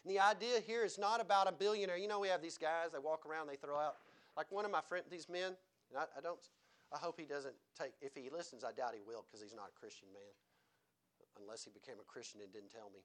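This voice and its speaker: A male preacher giving a sermon, his pitch and loudness rising and falling widely as he preaches. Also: fast. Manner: animated preaching, pitch and volume swinging widely.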